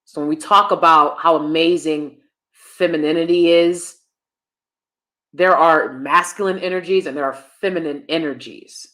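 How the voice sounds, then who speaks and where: A woman's voice: deep voice, fairly even intonation, normal speed, fairly bright tone. A woman in her thirties hosting a live stream, giving blunt, emphatic and sassy commentary to her audience. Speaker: host.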